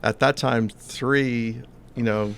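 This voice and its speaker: A man in his fifties with a gravelly, creaky voice at an ordinary pitch for a man. He tells stories casually and with lots of animation, laughs often, and leans on fillers like "you know". He is from New Jersey. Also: fairly even intonation, slow. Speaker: guest. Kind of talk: casual storytelling.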